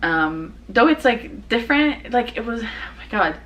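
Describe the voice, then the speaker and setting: A young woman hosting her own show, chatting casually in a rambling way, full of fillers and restarts and quick to laugh. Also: on the high side, very animated, fairly bright tone, lo-fi sound, slight background noise. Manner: laughs easily. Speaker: podcast host. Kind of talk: casual personal chat.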